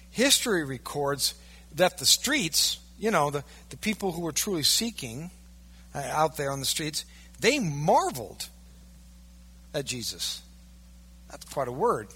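A male pastor preaching a sermon, emphatic, swinging from loud, stressed peaks down to low, quiet lines. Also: sing-song, slow pace, pauses often, breathy edge.

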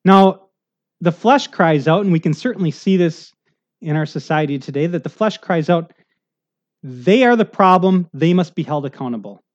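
A man preaching a conversational sermon, rambling and animated, full of asides and restarts. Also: fairly high pitch, moderate pace. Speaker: pastor. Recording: muffled lo-fi recording.

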